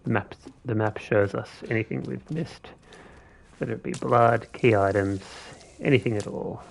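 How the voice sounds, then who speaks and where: A man giving relaxed live gameplay commentary as a streamer, thinking aloud with fillers as he plays. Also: mid-range voice, normal speed, gravelly, slight background noise.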